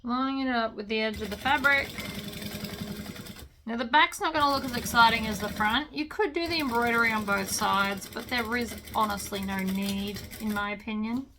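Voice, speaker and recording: A fairly high-pitched woman speaks at normal speed against a noisy background where a sewing machine runs. It's relaxed instructional sewing talk: she chats casually, talks to herself as she stitches, and is cheerfully happy with the results.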